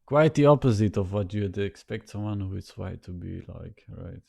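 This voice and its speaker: A man rambling to a camera set a little way off, thinking aloud in a halting, self-conscious way, with a nasal voice and many repeated words and restarts. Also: low voice, creaky, darkish tone, husky. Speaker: vlogger. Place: sitting in front of a camera.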